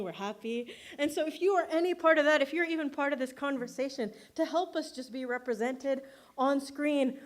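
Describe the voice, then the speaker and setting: Chatty, laughing woman giving a speech. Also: high-pitched. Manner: chatty and self-deprecating, laughs often, filler words. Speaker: filmmaker accepting an award. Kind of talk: award acceptance speech.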